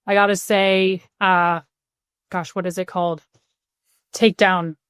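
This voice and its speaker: A woman's voice: mid-range voice, flat delivery, measured pace, a bit bright, clean tone, no echo, studio quality. A woman in her thirties, a podcast guest, speaking upbeat and laughing easily. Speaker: guest, partnerships leader. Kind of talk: conversational interview.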